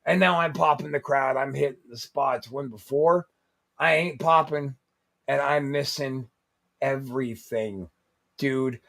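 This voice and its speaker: A man telling a wild story in casual podcast chat, profane and animated. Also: mid-range voice, measured pace, creaky. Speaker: podcast co-host.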